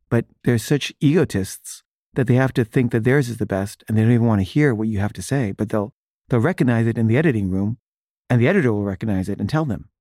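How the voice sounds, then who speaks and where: A man tells a story in a relaxed, chatty way, poking fun at himself. His voice sits at an ordinary middle pitch. It sounds close and dry, with almost no room echo. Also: fast talker. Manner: self-deprecating, animated when quoting others. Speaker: filmmaker telling an anecdote. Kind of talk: casual storytelling.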